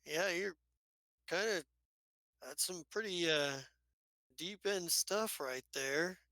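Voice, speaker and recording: A man's voice: high-pitched, slow, bright, forceful tone, no echo, exaggerated voice. A man voicing a wry, teasing older male informant who talks in a drawling, folksy way.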